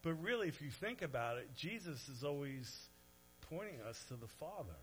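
A man preaching a sermon in an animated way, swinging from soft to loud, with conversational asides to the audience. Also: fairly high pitch, normal speed, slight background noise, low-quality recording. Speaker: pastor.

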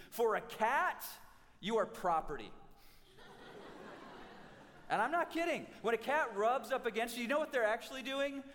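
A man in his forties, a pastor giving an animated sermon with humorous stories and quick restarts. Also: high voice. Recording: reverberant hall.

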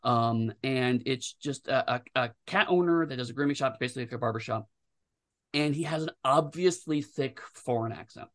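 A man with an ordinary mid-range voice talks as a guest about designing games. He rambles, restarts sentences and stays animated throughout. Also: mid-range voice, normal speed. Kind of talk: casual interview chat.

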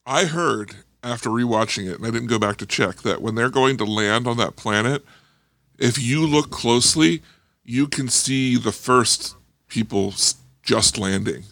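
Gravelly, bright-toned young-sounding man. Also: mid-range voice, unhurried, dry recording. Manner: enthusiastic, full of fillers. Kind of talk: casual movie review chat.

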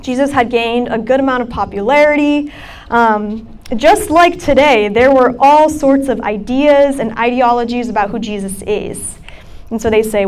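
Young woman preaching to college kids, kinda high voice, super chatty with lots of likes and ums. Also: moderate pace, darkish tone, smooth. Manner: casual, chatty preaching with many fillers. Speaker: campus ministry speaker. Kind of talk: sermon talk.

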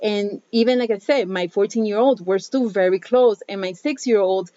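A woman in her thirties chatting casually about parenting, acting out quotes with lively voices and casual swearing. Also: medium pitch, moderate pace, no room sound. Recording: dull, muffled dry recording.

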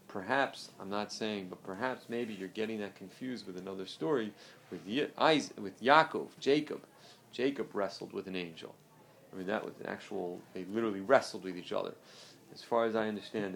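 A man's voice: low-pitched, vocal fry. A male teacher lecturing a religious class. He speaks with emphasis and leans on repetition, circling back to drive each point home. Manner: emphatic, repeats key phrases.

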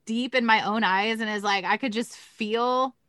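A woman, a mother of three, telling a story in an animated way during a casual faith chat. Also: on the high side, normal speed, no echo.

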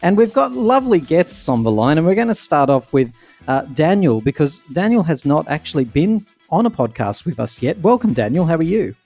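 A man's voice: a little high, sing-song, brisk, darkish tone, soft background music. A man with an Australian accent hosting a podcast in casual, teasing chat over a remote call. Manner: teasing, chatty. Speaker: podcast host.

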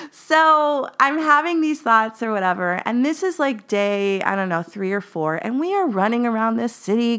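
A woman's voice: fairly high pitch, a bit bright, clear, resonant tone. A woman hosting her own podcast, telling a personal story in a chatty way, laughing often and checking in with "right?". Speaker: podcast host.

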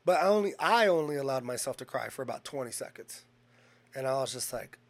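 A man in the middle of his voice range, spinning a rambling, profanity-laced story. He restarts sentences constantly and acts out each side of the conversation with lively shifts in delivery. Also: medium pitch, brisk. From Hispanic heritage. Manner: profane, rambling, animated retelling. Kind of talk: casual storytelling chat.

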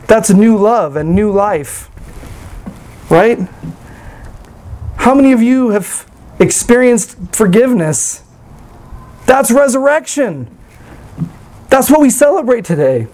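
A man delivering a sermon with a fairly high-pitched voice. He preaches earnestly but conversationally, dropping in light self-deprecating asides. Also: a little mellow, low-quality recording. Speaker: pastor.

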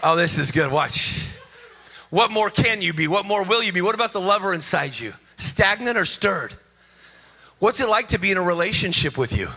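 On a conference stage, a man preaches an energetic, rousing sermon full of jokes, with a sing-song delivery and frequent calls to the crowd. His voice is high, expressive, and sharp in tone, and he speaks a little fast.

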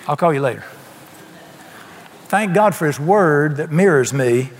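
A man's voice: fairly high pitch, normal speed, long reverb tail, a little hiss or hum. An older man preaching a folksy, emphatic sermon, asking the congregation questions. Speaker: pastor.

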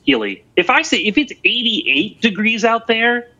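A man's voice: extremely high pitch, normal speed, pushed and bright, lo-fi sound. A man co-hosting a comedy podcast, arguing his side insistently and going over his points again. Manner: argumentative, insistent, repeats points. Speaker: podcast co-host. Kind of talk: casual comedic debate.

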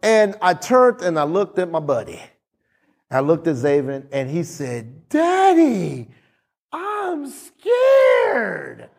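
A man preaching a sermon, telling a story with acted-out dialogue and sudden drops into soft, low tones. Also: unhurried. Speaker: pastor.

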